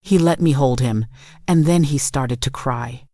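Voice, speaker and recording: A woman telling a first-person family story in steady, reflective scripted narration. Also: a bass voice, unhurried, no room sound, studio quality.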